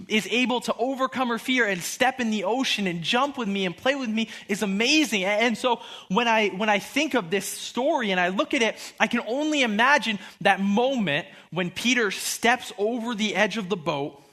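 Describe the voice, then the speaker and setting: A man in his twenties giving a sermon through animated storytelling, acting out the quotes in his stories. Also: sits high. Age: 20s.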